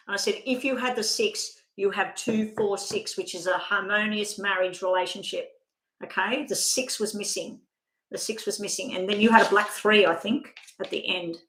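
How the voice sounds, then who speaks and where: On a low-quality, reverberant recording, a tarot reader talks through a live card reading in a chatty, wandering style, often breaking off partway through a thought. Her voice is medium in pitch with a fairly bright tone.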